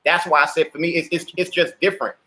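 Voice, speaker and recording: A man's voice: a little high, steady tone, bright, forceful tone. A man on a casual talk panel, speaking bluntly with plenty of profanity. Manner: blunt, profane, fast-talking. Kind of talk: casual chat.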